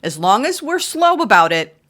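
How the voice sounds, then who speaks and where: A woman's voice: big pitch swings, normal speed, a bit bright. A woman giving a casual, chatty tarot reading, exclaiming often and acting out little quoted exchanges. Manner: chatty, exclaiming, acts out quotes in high voices. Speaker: tarot reader.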